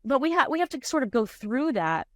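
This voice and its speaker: A woman's voice: high-pitched, big pitch swings, a little fast, fairly bright tone, no room sound, clean studio sound. A middle-aged woman working as a grief counselor, answering interview questions in a candid, searching way with frequent restarts.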